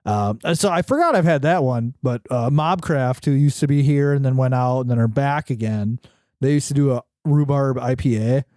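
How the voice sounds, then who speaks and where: A man co-hosting a beer podcast, chatting in a joking, halting way. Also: medium pitch, darkish tone, no echo, studio quality. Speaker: podcast co-host. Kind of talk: casual chat.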